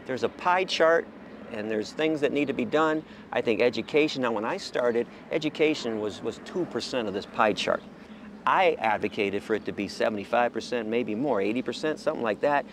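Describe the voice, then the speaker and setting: A man's voice: medium pitch, a little fast, slight background noise. A man speaking passionately about animal sanctuaries in a casual monologue, stammering into restarts and swearing now and then. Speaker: vegan animal rights advocate.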